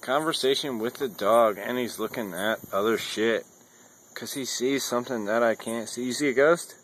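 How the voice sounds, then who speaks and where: A young man chatting casually to his dog at home, rambling and a little tipsy, switching into a high playful voice for the dog. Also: moderate pace, fairly bright tone, breathy edge. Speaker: vlogger. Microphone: phone camera.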